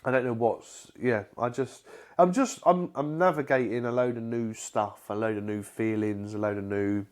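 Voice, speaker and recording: A man co-hosts a casual podcast chat. He talks in halting bursts, restarts his sentences often and swears freely. His voice sits at an ordinary pitch for a man. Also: a little mellow. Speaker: podcast co-host.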